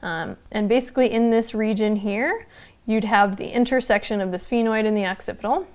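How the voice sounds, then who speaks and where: A woman teaching a casual live online anthropology lecture, chatty and loose with frequent fillers and quick laughs. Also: medium pitch, darkish tone. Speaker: anthropology instructor.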